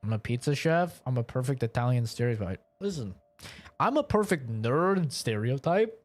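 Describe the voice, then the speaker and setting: A man's voice: medium pitch, very animated, moderate pace. A young man streaming and chatting casually, rambling and joking with a lot of swearing. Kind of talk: casual chat.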